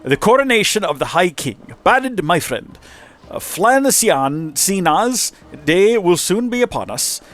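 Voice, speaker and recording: A man voicing a flattering woman singer with a made-up foreign accent while reading a letter. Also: high voice, pitched above the performer's own voice, heavily acted. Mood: grand. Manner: slow, grand, unsure of the accent.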